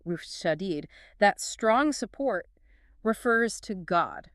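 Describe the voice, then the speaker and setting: A woman's voice: mid-range voice, lively intonation, slow, fairly bright tone, no room sound, clean studio sound. A woman co-hosting a casual podcast discussion, chatty and explanatory, often saying "like" and "you know". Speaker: podcast co-host explaining a lecture.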